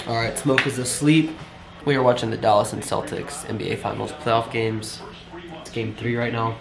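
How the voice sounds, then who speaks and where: A man in a casual home vlog, relaxed and easygoing. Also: medium pitch, moderate pace, gravelly, background noise. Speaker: vlogger, father.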